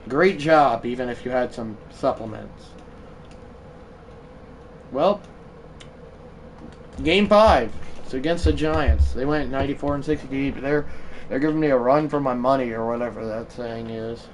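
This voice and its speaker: A man streaming a baseball video game live, chatting loosely and bursting into shouted play-by-play calls. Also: mid-range voice, moderate pace, long pauses, recorded from a distance, slight background noise, low-quality recording. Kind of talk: live gaming stream commentary.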